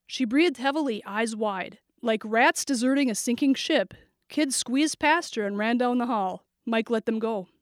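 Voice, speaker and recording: A woman narrating a thriller audiobook in a steady, vivid storytelling manner. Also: a little high, unhurried, no echo, clean studio sound.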